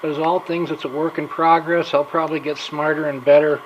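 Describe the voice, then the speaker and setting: An older man in his home workshop, a little out of breath, talking casually and haltingly with frequent fillers as he shows his setup. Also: on the high side, little pitch movement, lo-fi sound, slight background noise. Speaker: workshop vlogger. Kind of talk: casual workshop show-and-tell.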